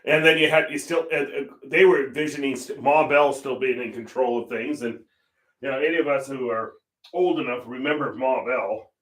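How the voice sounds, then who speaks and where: A man's voice: mid-range voice, fairly even intonation, moderate pace, fairly bright tone, recorded from a distance. An older man hosting a painting livestream, telling stories in casual chat and laughing often. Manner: chatty storyteller, laughs often. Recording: roomy echo.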